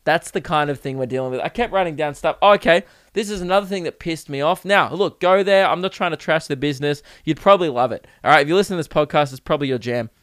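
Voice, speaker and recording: A man's voice: fairly high pitch, fast, hardly any pauses, fairly bright tone, clean tone, no echo, studio quality. Profane young man ranting. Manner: rambling, profane, self-mocking. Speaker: podcast host. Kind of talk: casual comedic monologue.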